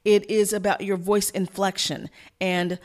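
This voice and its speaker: Energetic woman coach talking fast. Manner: energetic, emphatic, varies pitch to illustrate points. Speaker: communication coach and host. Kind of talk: instructional talk.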